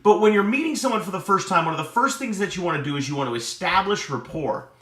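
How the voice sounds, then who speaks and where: A man teaching a lesson on building rapport, animated, often checking with "right?". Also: sits high, fast talker. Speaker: sales and relationship coach. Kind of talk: teaching talk to camera. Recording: echoey room.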